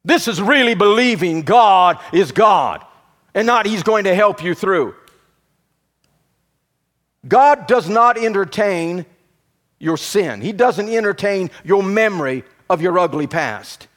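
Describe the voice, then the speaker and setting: Male preacher, high-pitched and highly animated delivery, fervent sermon cadence with sudden hushed drops. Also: takes it slowly. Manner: preaching with rising emphatic bursts and quiet drops.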